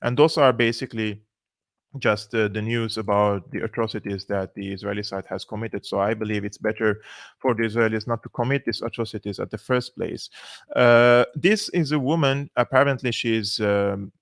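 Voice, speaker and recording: Speaking at a normal speed, a male political commentary host riffs casually and sarcastically on clips, filling his talk with fillers. His gravelly voice is on the low side with fairly even intonation, and the recording is dry and studio-clean.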